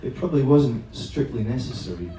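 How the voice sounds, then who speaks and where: A man's voice: medium pitch, animated, fairly quick, dark tone, slight background noise. A man, a teacher trainer, telling a comic story live to an audience, chatty and self-mocking, swearing freely. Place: large echoing room at an evening event. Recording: very echoey room, voice far from the mic.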